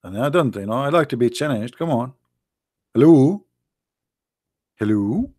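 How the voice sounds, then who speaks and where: A man's voice: medium pitch, expressive, a little slow, darkish tone, dry recording, studio quality. A man hosting a livestream who mocks and taunts his viewers in a sarcastic way, often laughing and reading their chat comments aloud. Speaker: livestream host.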